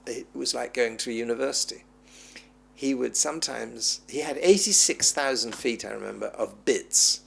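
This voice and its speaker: A man's voice: medium pitch, normal speed, creaky, slightly rough. A man being interviewed as a film historian, reminiscing at length and acting out the voices of people he quotes. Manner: animated storyteller who acts out quoted voices.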